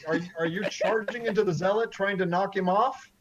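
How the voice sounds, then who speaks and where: Guy dming a tabletop game, pretty high voice, muffled lo-fi chat audio. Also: brisk, noisy background. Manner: upbeat, encouraging, gives rules rulings. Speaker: dungeon master.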